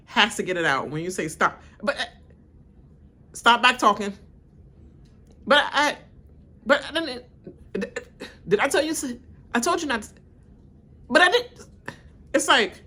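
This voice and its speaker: A woman reacts live to a reality show, ranting bluntly and breaking into laughter. Her voice runs high and swings widely in pitch as she acts out the cast in over-the-top voices. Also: big pitch swings, unhurried, long pauses, pushed and bright. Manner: laughing often, mimicking cast members in exaggerated voices. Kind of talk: live watch-along reaction and rant.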